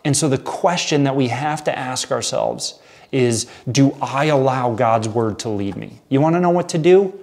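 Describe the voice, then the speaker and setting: A man's voice: mid-range voice, normal speed, darkish tone. A man leading a midweek Bible study as pastor, talking in an earnest, conversational way and reading scripture aloud before rephrasing it.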